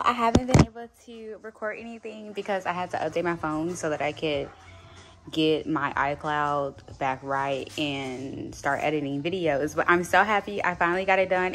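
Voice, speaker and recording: A woman in her late twenties vlogging casually at home, rambling and thinking out loud. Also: fairly low pitch, normal speed, music in the background. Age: late 20s. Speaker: vlogger and nail tech. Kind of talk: casual vlog chat.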